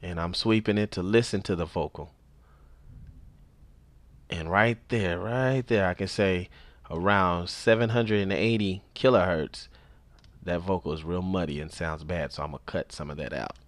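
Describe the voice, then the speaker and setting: A man with a deep, low voice talks through a tutorial in a relaxed, easygoing way. He explains things step by step and repeats key points. The sound is close and dry, with no room echo. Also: moderate pace. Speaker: instructor. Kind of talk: casual spoken tutorial.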